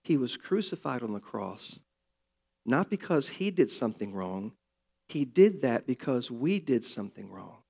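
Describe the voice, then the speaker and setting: An older man preaching a sermon, earnest and building to emphatic, loud passages. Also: medium pitch, very animated, unhurried, creaky, husky. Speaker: pastor.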